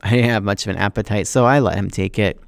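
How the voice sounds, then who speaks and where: A man's voice: fairly low pitch, quick pace, vocal fry, clear, resonant tone, no room sound, clean studio sound. Man teacher reading a novel aloud. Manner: expressive, acting out the dialogue.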